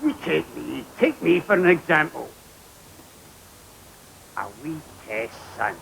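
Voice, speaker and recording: An actor playing a gruff older Scottish man in a TV comedy sketch, lecturing and calling the listener son. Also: on the high side, big pitch swings, slow, a bit bright, a little hiss or hum, full character voice.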